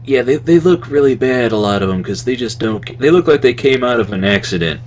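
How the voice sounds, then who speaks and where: A man's voice: mid-range voice, lively intonation, a little fast, a little hiss or hum. A man co-hosting a podcast in casual chat, rambling from one thought to the next, chuckling and trailing off with "anyway". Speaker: podcast co-host.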